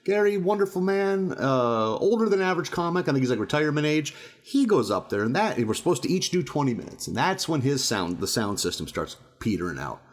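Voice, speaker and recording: A man co-hosting a podcast, a stand-up comic telling a profane, animated story in casual chat, often laughing. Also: fairly high pitch, brisk, hardly any pauses.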